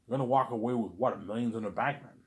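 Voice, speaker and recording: A man rambling in a casual monologue, animated and repetitive, arguing with an imagined listener. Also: medium pitch, fast talker. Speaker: vlogger.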